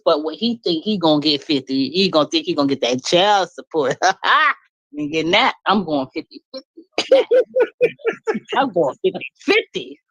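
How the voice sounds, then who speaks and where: A woman's voice: on the low side, dry recording, highs cut off. A middle-aged woman talking bluntly and with energy on a live stream, laughing as she vents. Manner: animated, blunt venting with laughs. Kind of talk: casual chat. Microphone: live stream call.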